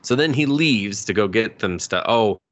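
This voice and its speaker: A man casually recapping an anime episode on a podcast, excited and rambling, laughing often and swearing a lot. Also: fairly low pitch, normal speed. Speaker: podcast co-host.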